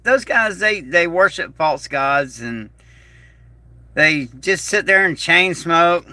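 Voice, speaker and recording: A man hosting a casual livestream in a slow, rambling, folksy way, reading out viewer messages. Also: fairly high pitch, animated, sharp tone, dry recording. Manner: slow, rambling, folksy, reads chat aloud. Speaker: YouTube channel host.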